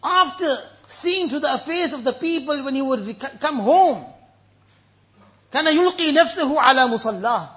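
A man's voice: very high-pitched, lively intonation, racing, pushed and bright, highs cut off. A man preaching a sermon with emotion, telling stories and reciting Arabic verses.

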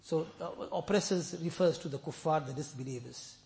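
This is a man with a fairly high, creaky voice speaking at a normal speed. He preaches a sermon as lively storytelling, recounting scripture and breaking into chanted Arabic verses. He is emphatic and repeats phrases for stress.

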